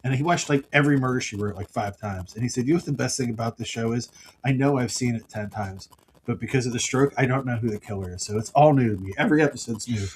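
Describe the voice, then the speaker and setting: A middle-aged man co-hosting a podcast, chatting casually and telling family stories with quick impressions of the people in them. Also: mid-range voice, a little hiss or hum, low-quality recording. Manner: storytelling, mimics his father's outbursts. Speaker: podcast co-host. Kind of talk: casual chat.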